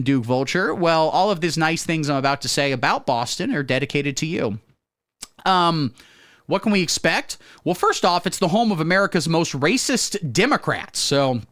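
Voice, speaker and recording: A man hosting a profane satirical comedy monologue with deadpan absurd jokes. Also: a little high, no room sound, studio quality. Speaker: comedy host.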